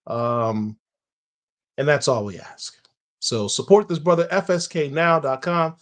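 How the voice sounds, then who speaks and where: Host, male, slightly high voice, playful and casual, pushes likes and subscribes. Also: unhurried. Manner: playful, hypes up the channel. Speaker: show host. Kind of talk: casual interview chat.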